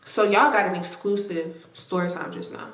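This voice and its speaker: A woman in her twenties telling a story to her viewers, animated and emphatic, with lots of swearing. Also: mid-range voice, normal speed. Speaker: vlogger. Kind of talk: casual storytime. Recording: roomy echo.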